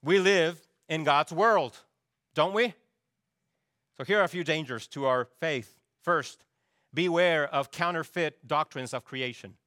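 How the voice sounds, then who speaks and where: Middle aged pastor guy preaching, pretty high voice, dry close sound, keeps asking the congregation stuff. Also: a little slow, sharp tone, dry recording. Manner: emphatic, asks the congregation questions. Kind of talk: sermon.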